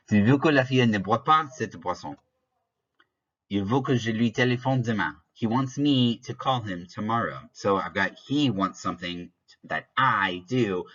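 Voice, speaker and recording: A French teacher with a lowish, animated and slightly bright voice talks fairly quickly through a recorded lesson. He explains step by step, switching between French examples and English glosses, and drops in offhand asides and small jokes. The recording is dull and lo-fi.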